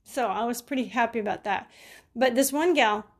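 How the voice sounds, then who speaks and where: Fairly high-pitched and at a moderate pace, a middle-aged woman who works as a caregiver shares casual advice. Her client stories come with frequent laughter and acted-out quotes in a chatty manner.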